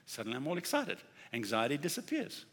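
Preacher in a reverberant hall. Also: male voice, fairly high pitch, wildly swooping pitch, fast talker, fairly bright tone. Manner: conversational preaching with acted-out dialogue and emphatic repetition. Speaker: pastor. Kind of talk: sermon.

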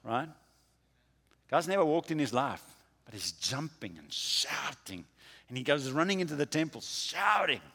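A man preaching a sermon, with a dramatic delivery that swings from quiet to loud. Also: fairly high pitch, sing-song, a little slow, breathy edge, big-room sound. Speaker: pastor.

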